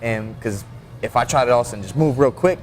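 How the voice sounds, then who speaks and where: A man on a podcast as a guest fighter, easygoing and rambling, laughing easily between thoughts. His voice sits at a middle pitch, with faint music behind. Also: fast talker, a little mellow. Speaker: guest, mixed martial arts fighter. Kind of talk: casual podcast chat.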